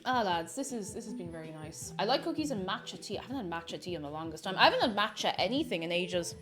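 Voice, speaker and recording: A woman's voice: medium pitch, sing-song, brisk. A young woman chatting casually on a live stream, reading chat aloud and talking with her mouth full. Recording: faint music behind.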